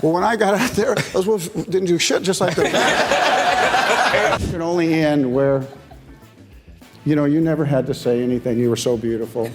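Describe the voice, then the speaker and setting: A man's voice: on the high side, animated, normal speed, long pauses, over loud music. An older American man telling long casual stories on talk shows, rambling, laughing, and restarting his sentences. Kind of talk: casual anecdotes.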